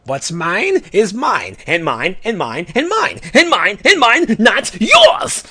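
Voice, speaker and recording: A man voicing a greedy male Orange Lantern who grows louder and more possessive as he chants. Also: high voice, wildly swooping pitch, slow pace, husky, pitched above the performer's own voice, exaggerated voice. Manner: rising to a possessive shout.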